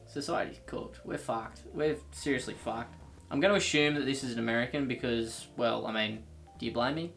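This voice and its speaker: A man's voice: mid-range voice, moderate pace, gravelly, a bit bright. A man with a mid-range voice delivers sarcastic reaction commentary. He rants and mocks, sounding exasperated, with faint music playing underneath. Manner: ranting, exasperated, mocking. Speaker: comedy commentator.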